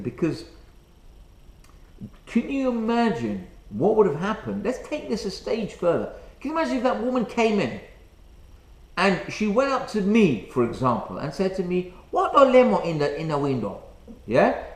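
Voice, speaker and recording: A middle-aged man, a rabbi telling a story in a sermon, halting often with fillers. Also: high-pitched, very animated, darkish tone. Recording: roomy echo.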